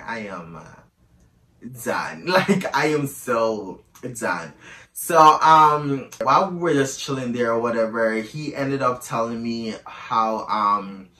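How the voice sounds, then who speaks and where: A man's voice: mid-range voice, bright, forceful tone, recorded from a distance. A man telling a candid personal story in a casual, chatty way, often calling the listener "girl", recorded in an echoey room a little away from the mic.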